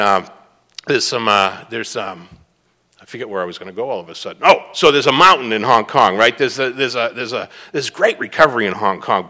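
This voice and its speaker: A man's voice: mid-range voice, bright, forceful tone, long reverb tail. A middle-aged man from the Boston area giving a rambling, self-mocking personal talk at a recovery meeting.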